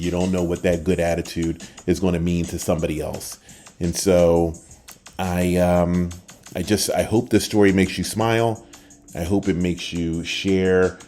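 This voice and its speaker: An older man hosting a short podcast, telling a personal story in a casual, lively way and acting out the people he quotes. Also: deep voice. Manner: animated, acts out quoted voices, trails off at the end. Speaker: podcast host.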